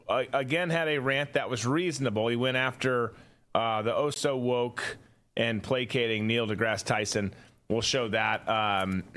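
Male host, wry and offhand, casual political chat, average pitch. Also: a bit bright. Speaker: show host. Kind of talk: casual political talk show.

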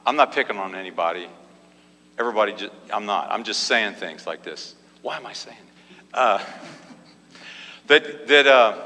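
A man's voice: on the low side, expressive, moderate pace, pauses often, pushed and bright, long reverb tail. A man preaching a sermon in an emphatic call-and-response style, with frequent repeated exclamations.

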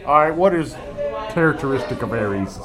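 A man in casual banter, teasing his friend while reading aloud haltingly. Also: medium pitch, expressive, a crowd in the background.

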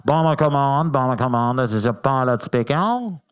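A man's voice: sits high, very animated, a little slow, smooth, lo-fi sound. A man voicing a pompous, posh British bomber pilot on a stand-up stage. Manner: pompous clipped officer voice.

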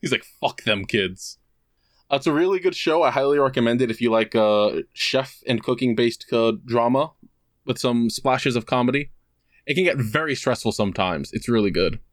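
A man telling a rambling story on a casual podcast, stopping often on "uh" and acting out what people said. His voice sits at an average pitch. The recording is dry and close. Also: fairly quick, dry recording. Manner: rambling storyteller, many fillers, acts out quotes. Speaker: podcast co-host. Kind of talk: casual chat.

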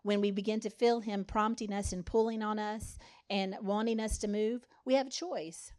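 A woman's voice: mid-range voice, steady tone, moderate pace, darkish tone. A woman giving a conversational sermon, acting out the lines of the people in the story. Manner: conversational, dramatizes quotes with voices. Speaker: speaker.

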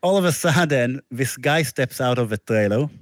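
A man's voice: medium pitch, expressive, normal speed, dry recording, clean studio sound. A man, a musician guest, telling a long casual anecdote with restarts and laughter. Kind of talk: casual storytelling interview.

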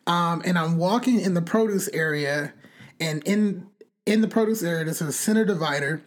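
A young woman in casual chat, telling a long story in a rambling, animated way, full of fillers and cussing. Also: lowish voice, moderate pace.

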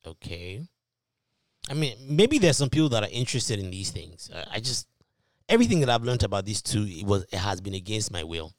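A man co-hosting a podcast in casual chat, reading out news and reacting with animated, mocking asides. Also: on the low side, brisk, dry recording. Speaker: podcast co-host.

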